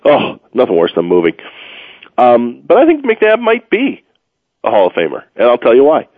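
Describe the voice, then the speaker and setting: A man's voice: medium pitch, wildly swooping pitch, normal speed, no echo. A man hosting a casual sports talk radio show, rambling and joking with plenty of fillers, tired from moving. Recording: phone-like, dry radio audio.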